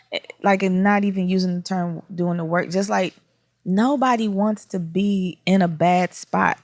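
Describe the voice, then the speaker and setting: A woman's voice: mid-range voice, a little mellow, no room sound. A woman speaking as a podcast guest in casual, reflective conversation, often searching for words.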